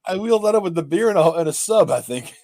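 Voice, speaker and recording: A man's voice: high voice, lively intonation, fast talker, darkish tone, no echo. A man co-hosting a casual livestreamed podcast. He is laid-back and chatty, and laughs often. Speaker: podcast co-host.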